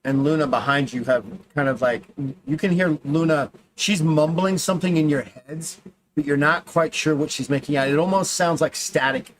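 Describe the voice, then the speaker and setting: A man's voice: fairly high pitch, moderate pace, slight background noise. A man narrating and running a tabletop role-playing game in a casual way. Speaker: game master.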